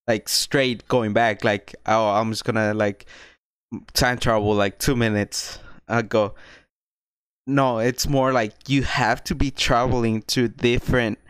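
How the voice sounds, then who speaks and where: A man co-hosting a podcast, chatting casually and haltingly, with many restarts and "like"s. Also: mid-range voice, smooth, no room sound, studio quality. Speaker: podcast co-host. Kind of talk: casual chat.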